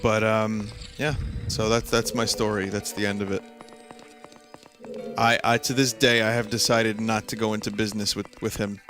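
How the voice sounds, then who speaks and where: A man's voice: fairly low pitch, level tone, normal speed, music in the background. A man streamer telling a story in a casual, rambling way, full of restarts and side remarks. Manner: rambling with frequent restarts and asides.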